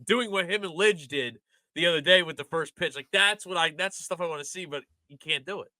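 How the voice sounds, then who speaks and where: A man's voice: a little high, brisk, bright, forceful tone, dry recording. A man co-hosting a sports podcast, talking in a passionate, rambling casual way with lots of "like". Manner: passionate, rambling, heavy use of "like". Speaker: podcast co-host.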